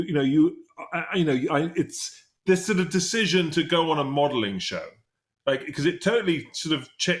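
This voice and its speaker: Chatty British-born male podcast host. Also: a little high. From Britain. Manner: chatty, meandering talk. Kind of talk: casual interview chat.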